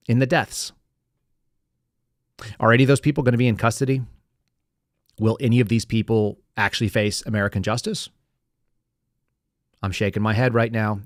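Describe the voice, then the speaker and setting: A man's voice: mid-range voice, no echo. A man hosting a podcast, giving sardonic, rambling political commentary into a close mic. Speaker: podcast host.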